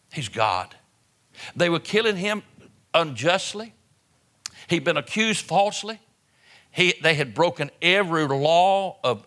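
A man delivering a sermon in an auditorium, with impassioned preaching that swings from hushed, low phrases to loud outbursts, often repeating words and restarting phrases. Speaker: pastor. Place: auditorium with an audience.

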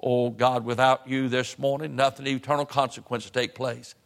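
A male pastor delivers a sermon in a church sanctuary, his voice rising in emphatic swells and stretching key phrases. His pitch sits in the middle range. A long hall reverb trails every line. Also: little pitch movement, creaky. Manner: rising, emphatic preaching cadence with drawn-out phrases.

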